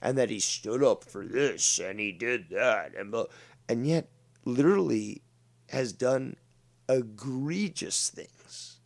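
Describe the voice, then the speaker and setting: A man hosting a heated livestream talk show, loud and profane, swinging between shouting and low muttering. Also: lively intonation, takes it slowly, creaky. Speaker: show host.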